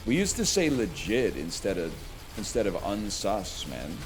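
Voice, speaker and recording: A man's voice: on the low side, huge pitch swings, unhurried. A man in his thirties, a streamer chatting casually and jokingly while he plays a video game, drifting from one tangent to the next. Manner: rambling, joking, wanders off on tangents.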